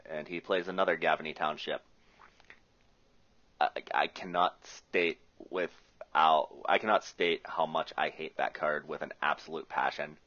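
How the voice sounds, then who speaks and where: The bass voice here is sharp in tone, with fairly even intonation and a measured pace. He's a Rust Belt Magic player giving jokey, talkative play-by-play on his own card game and thinking aloud about moves, heard through a muffled lo-fi recording.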